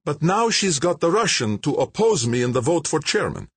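Man voicing a high, ranting young thug, panicked and angry, husky edge, dry close sound. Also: very animated, moderate pace, fairly bright tone, dry recording, full character voice. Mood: furious, fearful. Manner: high-pitched, agitated ranting. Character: young male henchman, furious and frightened.

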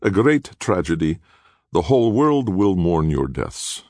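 A man voicing a cynical, scheming Italian villain, smooth and mocking in an audiobook. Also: low voice, big pitch swings, normal speed, darkish tone, no room sound, studio quality, voice pushed up, full character voice. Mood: sneering.

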